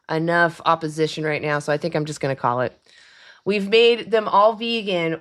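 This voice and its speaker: A young woman talking casually on her livestream, chatty and quick to laugh as she answers commenters. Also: on the low side. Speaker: livestream host. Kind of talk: casual live-stream chat.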